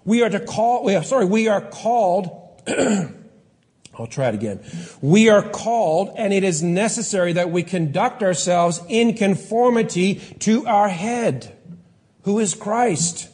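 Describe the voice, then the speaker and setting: A man's voice: high-pitched, expressive, a little slow, a little mellow. A man preaching a sermon as pastor, earnest and pleading, in a church. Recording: long hall reverb.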